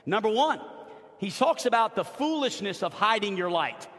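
A pastor from New Orleans preaching a sermon in a church, emphatic, swinging from loud to hushed. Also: male voice, high voice, big pitch swings, normal speed. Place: church sanctuary. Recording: long hall reverb.

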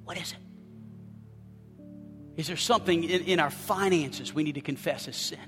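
Preaching pastor in an echoing hall. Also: male voice, on the high side, brisk, faint music behind. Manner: swings from quiet confession to shouted scripture. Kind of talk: sermon.

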